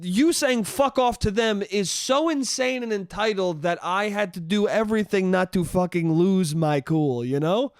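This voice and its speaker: A man's voice: high-pitched, moderate pace, few pauses, smooth, no echo, studio quality. A young man hosting a solo comedy podcast, telling a story in a profane, exasperated rant. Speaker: podcast host.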